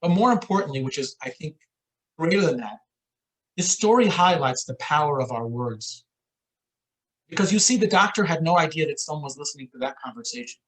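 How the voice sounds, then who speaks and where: A man's voice: brisk, poor audio. A man who is a rabbi, telling an inspirational story in the manner of a sermon, with a dramatic delivery. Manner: dramatic storyteller with lively pitch swings.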